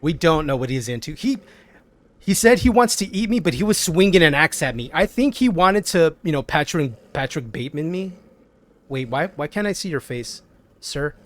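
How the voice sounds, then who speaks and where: A young man, streaming a video game in an animated, jokey way. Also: fairly high pitch. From American South. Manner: animated, jokey, quick exclamations. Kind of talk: casual gaming commentary.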